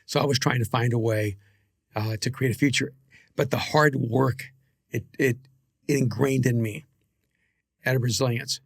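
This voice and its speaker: A man with a gravelly, fry-edged voice speaks in a reflective podcast conversation, handing out earnest advice and often restarting his sentences. The sound is close and dry. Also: mid-range voice, fairly even intonation, moderate pace, pauses often, dry recording. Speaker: podcast co-host.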